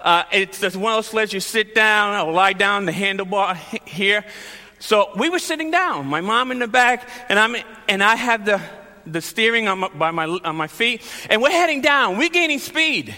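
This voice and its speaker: A man from Long Island preaching a sermon, telling lively personal stories and acting out the shouting scenes. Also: sits high, moderate pace, in a large hall. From Long Island, New York. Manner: animated storyteller, acts out shouting scenes.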